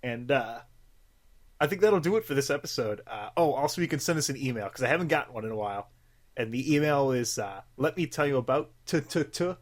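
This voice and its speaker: A man's voice: mid-range voice, animated, fast. A young man co-hosting a podcast, rambling in casual chat with lots of fillers and swearing. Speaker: podcast co-host.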